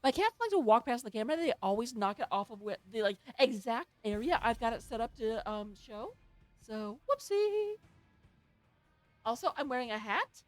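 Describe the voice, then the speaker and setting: A woman's voice: a little high, expressive, fairly quick, hardly any pauses, dry recording, soft background music. A woman casting a live-streamed esports match from her home setup, playful, goofy and self-mocking as she talks into a headset. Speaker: esports tournament caster.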